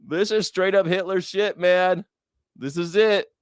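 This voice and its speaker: A man's voice: high-pitched, fairly even intonation, unhurried, clean tone, no room sound, clean studio sound. A young man hosting a news reaction show, sarcastic and mocking, with lots of swearing. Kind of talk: profane sarcastic commentary.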